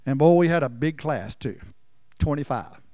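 A man preaching a sermon in a folksy storytelling way, swinging from loud emphasis down to near-whispers. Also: a little high, expressive, moderate pace, no room sound. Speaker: pastor.

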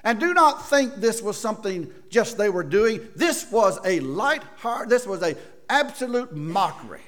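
A male preacher delivers a sermon in a somewhat high voice with a very lively, animated pitch. He swings from forceful, loud bursts down to hushed, near-whispered lines. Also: unhurried.

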